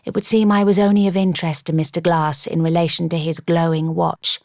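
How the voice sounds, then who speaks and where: A woman reading a first-person novel as an audiobook narrator, in a measured, wry storytelling manner, close to the mic. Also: on the low side, flat delivery, darkish tone, no room sound.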